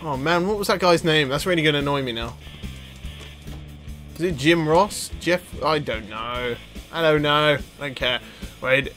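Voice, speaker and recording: A young man commentating his gameplay, excitable and swearing, breaking into sudden high yelps and laughter. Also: unhurried, faint music behind. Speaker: let's play gamer.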